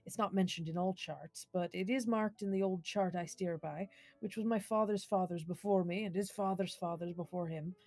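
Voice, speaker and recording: A woman's voice: lowish voice, normal speed, darkish tone, dry recording. A woman voicing a cautious old male ship's skipper, putting on a sailor's accent. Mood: warning.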